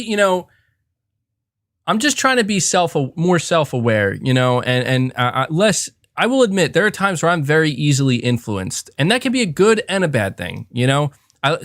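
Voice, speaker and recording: In clean studio sound with no echo, a man with a medium-pitched voice hosts a live podcast. He chats casually, wandering through reflections full of fillers and false starts.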